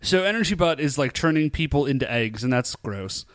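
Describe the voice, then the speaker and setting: A man's voice: fairly high pitch, lively intonation, fairly quick, dry recording. A man co-hosting a podcast, casually recapping an episode, chatty and laughing, acting out lines in quotes. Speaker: podcast co-host.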